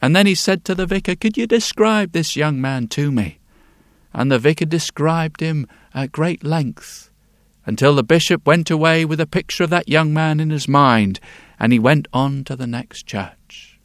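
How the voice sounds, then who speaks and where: Male storyteller, unhurried with dramatic pauses, slightly higher voice, dry booth-like sound. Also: no room sound. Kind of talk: told folk tale.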